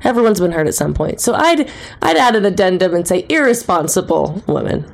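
A woman's voice: on the low side, very animated, brisk, creaky. A woman joining a casual podcast discussion, offering a thoughtful qualification. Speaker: podcast guest.

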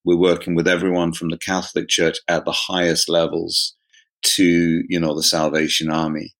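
Low-voiced Englishman, chatty and wry. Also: monotone, moderate pace, fairly bright tone. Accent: southern English. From southeast England. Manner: self-deprecating, chatty, laughs often. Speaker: pastor and guest. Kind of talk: casual interview chat. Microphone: remote call.

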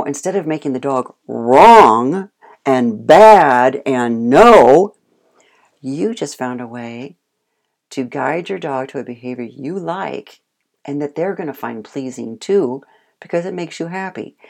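A woman giving a dog-training lesson, animated, acting out praise and the dog's thoughts. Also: sits low, vocal fry. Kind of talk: instructional talk.

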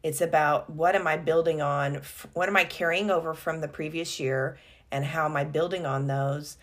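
Woman, podcast co-host, casual business chat, low pitch, conversational with self-corrections. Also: fairly even intonation, normal speed.

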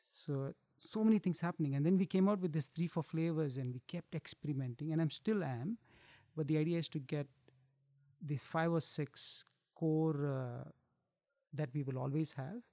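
Gravelly-voiced chatty man chef. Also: on the high side, normal speed, mellow, dry recording, clean studio sound. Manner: chatty, laughs often, restarts phrases. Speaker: chef and food business owner. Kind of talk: casual interview chat.

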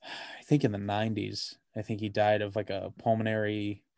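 A man's voice: lowish voice, completely flat delivery, moderate pace, vocal fry, a little mellow, dry recording. A man co-hosting a podcast, chatting casually about a movie, rambling with lots of "like" and swearing freely. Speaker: podcast co-host.

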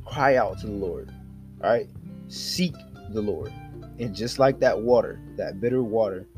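Earnest low-voiced man preaching. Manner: earnest, exhorting, addresses listeners directly. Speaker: podcast host. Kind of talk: devotional podcast teaching.

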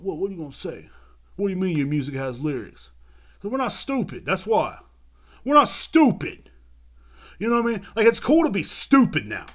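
A young man hosting a podcast, ranting heatedly and repeating himself with constant swearing. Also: fairly high pitch. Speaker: podcast host. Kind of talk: profane rant. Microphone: video podcast mic.

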